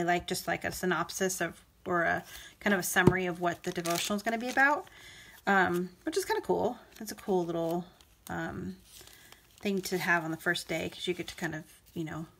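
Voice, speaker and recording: A woman's voice: fairly low pitch, a bit bright, slight background noise. Chatty woman rambling while she crafts. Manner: rambling, many fillers and restarts; emotional, laughing between words. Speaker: crafting vlogger. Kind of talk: casual chat while crafting.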